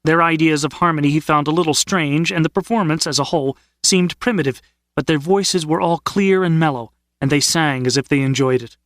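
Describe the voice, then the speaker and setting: A man narrating an audiobook in a measured, steady storytelling manner. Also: fairly high pitch, no room sound, clean studio sound. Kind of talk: scripted narration.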